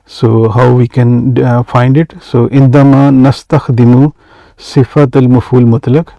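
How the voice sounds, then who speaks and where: A man's voice: medium pitch, flat delivery, a little slow, gravelly, mellow, no room sound, highs cut off. A man teaching an Arabic grammar lesson, reading Arabic phrases and then explaining each one in English with frequent hesitations.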